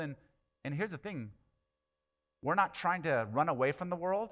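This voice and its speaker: A male pastor preaching a sermon in an impassioned way, dropping low and quiet, then rising to near shouts. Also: animated, brisk, pauses often, highs cut off.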